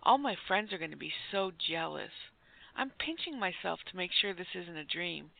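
Brief: starstruck woman host, gushing and breathless, creaky edge, narrow phone-like sound. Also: on the low side, lively intonation, moderate pace. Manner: gushing, giddy, breathless fangirl. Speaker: comedy segment host. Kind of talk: comic radio bit.

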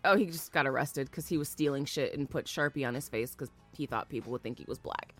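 A female co-host giving casual reaction commentary, expressive and incredulous, swearing freely. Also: extremely low pitch, fast, faint music behind.

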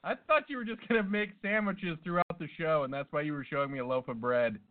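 Male co-host, deadpan absurd riffer, somewhat high voice, phone-quality sound. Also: fast. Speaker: podcast co-host. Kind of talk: casual comedic banter.

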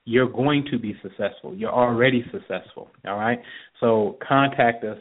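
A man's voice: mid-range voice, moderate pace. A man hosting a call-in astrology show, giving readings in an emphatic, preachy way and often checking in with "right?". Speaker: astrologer host. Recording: tinny phone-line sound.

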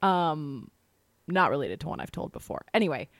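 A woman's voice: deep voice, very animated, moderate pace, no room sound. A woman co-hosting a podcast in casual chat, talking in a chatty, rambling way. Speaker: podcast co-host.

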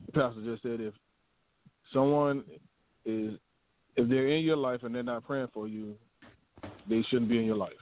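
A man hosting a casual chat, laid-back and drawn-out, chuckling now and then. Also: medium pitch, steady tone, dry recording. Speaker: host. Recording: tinny phone line.

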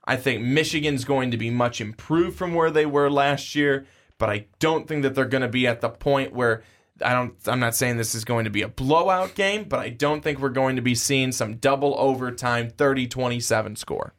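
A man's voice: mid-range voice, normal speed, fairly bright tone. A man in his twenties co-hosting a sports podcast, talking in casual chat and often repeating words as he starts a thought. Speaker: podcast co-host.

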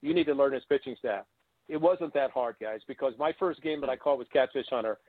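A man's voice: medium pitch, fairly quick, no room sound. An older man, a former ballplayer and guest on an interview show, telling long anecdotes and acting out the people he quotes. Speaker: guest, former baseball catcher. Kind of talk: storytelling interview. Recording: tinny phone-like line.

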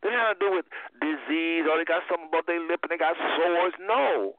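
Fairly high-voiced man preaching over a tinny phone line. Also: brisk, no room sound. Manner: emphatic, repeats key phrases, stumbles and restarts. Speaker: host of a call-in Bible study.

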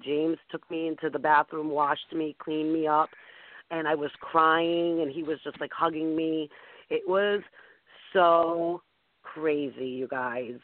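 A woman hosting a call-in talk show, chatting casually and filling her talk with "you know"s and "um"s. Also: low-pitched. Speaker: host. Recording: tinny phone line, dry.

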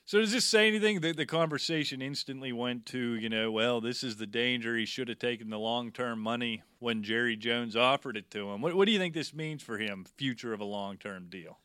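Male podcast co-host, very bright tone, dry close sound, wry teasing banter. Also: mid-range voice, fairly quick, few pauses, smooth, no echo. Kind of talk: casual sports chat.

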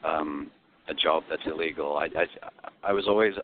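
A man's voice: rumbling low, normal speed, background noise. A man with an Australian accent, a comedian telling stories as an interview guest and acting out the voices in them. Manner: animated, acts out voices in his anecdotes. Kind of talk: storytelling interview. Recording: phone-like, dry line.

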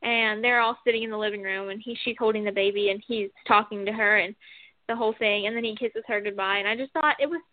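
A woman co-hosting a casual chat show, rambling and animated as she retells scenes with lots of fillers. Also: medium pitch, fast, no echo. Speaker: co-host. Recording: phone-like dry sound.

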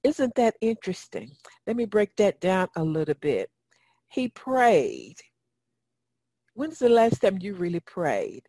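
A woman's voice: medium pitch, sing-song, measured pace, mellow, dry recording. A woman giving a Bible teaching in a folksy, emphatic way and reading scripture aloud. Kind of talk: sermon teaching.

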